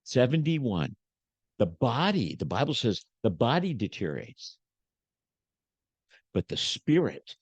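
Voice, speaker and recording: A man's voice: mid-range voice, big pitch swings, unhurried, long pauses, husky, no echo, dull audio. Old preacher guy, big swings in his voice, dry close sound, fired up. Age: 70s. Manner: emphatic, preachy, swings loud to soft. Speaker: guest preacher. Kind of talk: impassioned podcast conversation.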